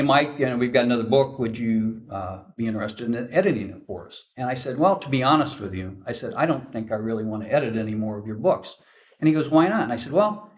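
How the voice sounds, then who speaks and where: An older man tells a folksy, self-deprecating story to a gathered audience, switching into the voices of the people in it. His pitch sits in the middle for a man. He sounds set back from the microphone. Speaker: guest speaker, veteran forward air controller. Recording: voice from a distance.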